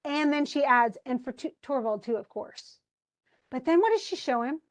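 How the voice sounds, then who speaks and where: A woman's voice: high voice, lively intonation, moderate pace. A woman teaching a literature class, chatting about a play and reading lines aloud with frequent laughs. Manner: chatty, reads quotes aloud, laughs often.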